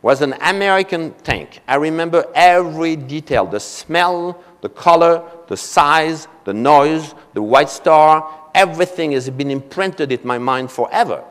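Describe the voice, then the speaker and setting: Older French-accented male keynote speaker, higher voice, anecdotal and chatty, long hall reverb. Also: a little slow, few pauses, fairly bright tone. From France. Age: 70s. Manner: anecdotal, frequent "you know" asides. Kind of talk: conference keynote storytelling. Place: convention hall.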